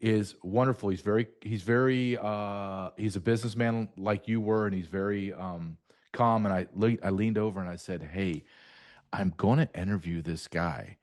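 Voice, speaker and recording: A man interviewing a guest in casual talk, telling a lively anecdote. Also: fairly low pitch, moderate pace. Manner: lively anecdotal storyteller, acts out voices.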